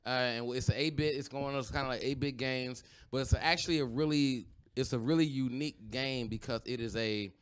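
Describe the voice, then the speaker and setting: A man's voice: medium pitch, brisk, hardly any pauses, smooth. A man co-hosting a podcast, chatting casually in a loose, rambling way with lots of fillers and restarts. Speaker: podcast co-host. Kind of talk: casual chat.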